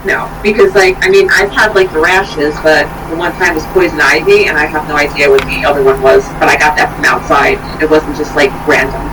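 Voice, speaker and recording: A woman co-hosting a casual chat, a relaxed and supportive listener. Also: low voice, fairly quick, hardly any pauses. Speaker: podcast co-host. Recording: distant mic with background noise.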